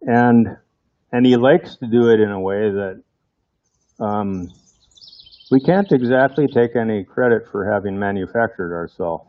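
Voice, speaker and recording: A man's voice: on the low side, measured pace, no room sound, highs cut off. A man preaching a sermon in a conversational way, often putting rhetorical questions to his congregation.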